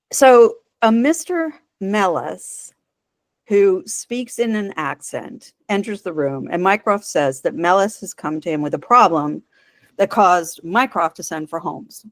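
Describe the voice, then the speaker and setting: A woman's voice: medium pitch, animated, slow pace, long pauses, no room sound. A woman co-hosting a podcast, retelling a TV episode in casual chat and laughing often. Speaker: podcast co-host.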